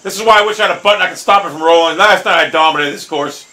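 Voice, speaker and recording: A young man commentating his own golf video game, hot-tempered and swearing constantly, often bursting into angry shouts. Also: high-pitched, rapid-fire, few pauses, rough recording. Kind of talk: live gameplay commentary.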